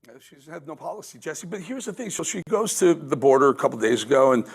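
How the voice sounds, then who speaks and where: A man's voice: fairly high pitch, sing-song, fast, breathy edge. A man appearing as a guest commentator, fired up and often stumbling and restarting mid-sentence. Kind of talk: political commentary in a remote interview.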